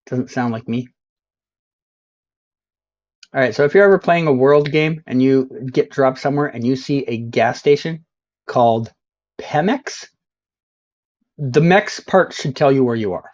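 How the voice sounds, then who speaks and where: A man streaming a geography game, joking and mocking himself as he sounds out signs in slow, mangled Spanish. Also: mid-range voice, darkish tone, lo-fi sound. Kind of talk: casual live-stream commentary.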